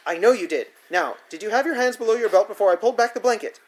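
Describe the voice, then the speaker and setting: A man's voice: very high voice, steady tone, fast talker, pitched above the performer's own voice. A man voicing an angry adult woman babysitter who hotly interrogates and accuses a child. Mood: angry, accusing. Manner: hot, demanding interrogation.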